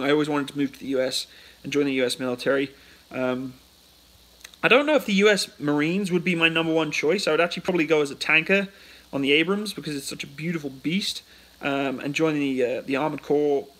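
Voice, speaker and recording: A chatty British man hosts a casual livestream and answers viewer questions into a phone. His voice is bright and forceful. It sits slightly high for a man. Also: rough recording. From United Kingdom. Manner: chatty, reads out chat questions then answers. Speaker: livestream host.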